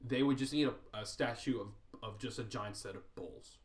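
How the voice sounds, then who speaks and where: A man chatting on a podcast in a loose, profane, rambling way, circling back over his own words. His voice sits at an ordinary pitch, with a roomy echo around it. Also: normal speed. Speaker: podcast host. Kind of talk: casual podcast chat.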